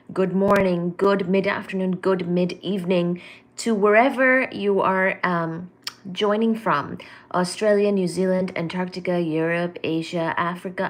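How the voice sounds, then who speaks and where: A woman hosting a casual live stream, chatty and playful as she greets viewers and reads their comments aloud. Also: fairly low pitch. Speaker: livestream host.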